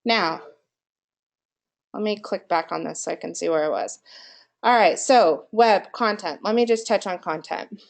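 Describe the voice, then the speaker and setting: A woman's voice: mid-range voice, measured pace, vocal fry, long pauses. A woman giving a live marketing workshop in a room with an audience, quizzing listeners and asking them for answers as she goes. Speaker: marketing presenter.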